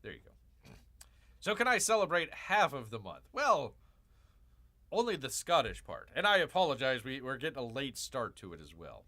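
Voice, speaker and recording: Animated, bright-voiced joking male streamer. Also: medium pitch, moderate pace. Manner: joking, calls himself Bear in third person; rambling, repeats lines and drifts into asides. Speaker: livestream host. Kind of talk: casual livestream commentary.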